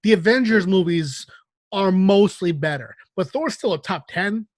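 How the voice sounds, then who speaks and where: High-voiced man hosting, teasing. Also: animated, normal speed, no echo. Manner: teasing, bantering, casual swearing. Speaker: podcast host. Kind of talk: casual podcast chat.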